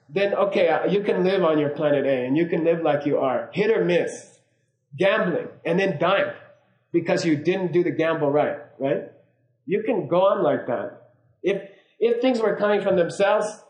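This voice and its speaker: A man's voice: a little high, dull audio. A man giving an informal, rambling teaching talk to a class, full of fillers and restarts. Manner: rambling, conversational, many fillers. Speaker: spiritual teacher. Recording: roomy echo.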